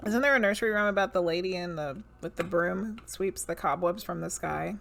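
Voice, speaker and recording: A woman with a Southern US accent chats casually on a livestream, musing over cards, reading their names aloud and talking with her viewers. Her voice is lowish and a bit bright, with vocal fry, and she speaks a little fast.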